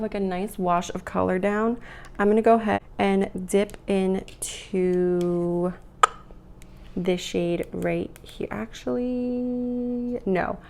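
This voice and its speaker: A young woman chatting casually while doing her makeup, rambling with lots of fillers, her voice rough from the morning. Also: medium pitch, warm tone, a little hiss or hum. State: morning voice, clearing throat. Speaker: beauty vlogger. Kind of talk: casual get-ready-with-me chat.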